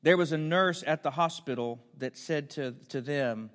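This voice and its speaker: A man's voice: a little high, normal speed, fairly bright tone. A man preaching a storytelling sermon, earnest and building to emphatic questions. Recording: long hall reverb.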